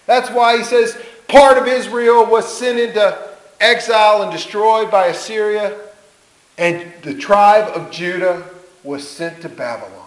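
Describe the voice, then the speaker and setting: Slow, high-voiced male preacher in an echoing room. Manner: earnest storytelling, rhetorical questions, acts out quoted speech. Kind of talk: sermon. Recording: roomy echo.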